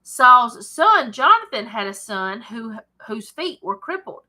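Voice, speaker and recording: In a very animated, slow delivery, a woman with a fairly high, bright and forceful voice reads scripture and comments on it casually from her desk at home. She hosts this Bible study from Alabama with a Southern US accent, often digressing and laughing.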